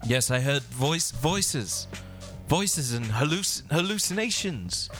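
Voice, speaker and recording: A man's voice: animated, slow pace, over music. Man doing a timid, stammering adventurer. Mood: anxious. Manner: pitched up, anxious, stammering. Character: timid young adventurer, cowardly but loyal.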